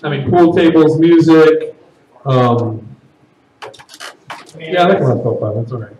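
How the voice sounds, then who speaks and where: A man performing stand-up comedy at a party, with loud, animated shouted bits. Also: on the high side, a little slow, reverberant, far from the mic, a little hiss or hum, rough recording.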